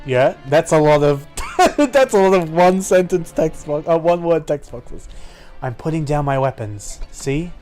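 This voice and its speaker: Slow, relaxed male game streamer. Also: on the high side, faint music behind. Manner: relaxed, wry, laughs often. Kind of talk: casual game commentary, reading dialogue aloud.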